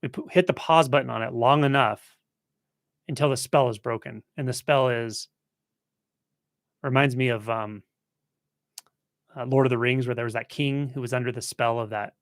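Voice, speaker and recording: A man teaching in a relaxed, conversational way, thinking aloud as he answers a viewer's question on a live stream. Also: medium pitch, no room sound, clean studio sound. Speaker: spiritual teacher hosting a live Q&A. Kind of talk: casual spoken teaching.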